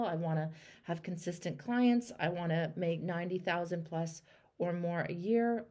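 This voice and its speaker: A woman hosting a call-in coaching chat, encouraging and animated, acting out example phrases for her caller. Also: fairly low pitch. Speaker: host and life coach.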